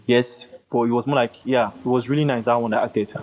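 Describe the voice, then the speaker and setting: A man's voice: medium pitch, steady tone, fairly quick, darkish tone, poor audio. Passionate Nigerian man, podcast guest. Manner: passionate and emphatic, repeats phrases for effect. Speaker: guest, culture writer. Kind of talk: casual podcast conversation.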